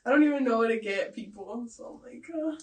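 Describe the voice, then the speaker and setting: A young adult woman co-hosting a podcast in casual chat, teasing, blunt and quick to laugh. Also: on the high side, darkish tone. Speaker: podcast co-host. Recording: voices heard from a distance.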